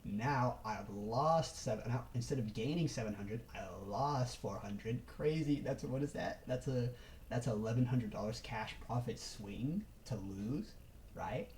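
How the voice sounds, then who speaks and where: Animated young man with a mellow voice. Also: mid-range voice, slight background noise, poor audio. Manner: animated, swearing, slangy, quick bursts. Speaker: trader. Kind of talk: casual vlog monologue.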